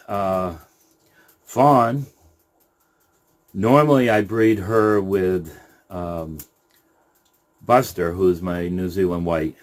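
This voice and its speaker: A middle-aged man with a very low, deep voice talks slowly through a casual update on his rabbitry. He hesitates and restarts often, with plenty of fillers, and drops to a soft coo when he turns to the animals. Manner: unhurried and halting, with many fillers and restarts, cooing softly to the rabbits. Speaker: rabbit breeder.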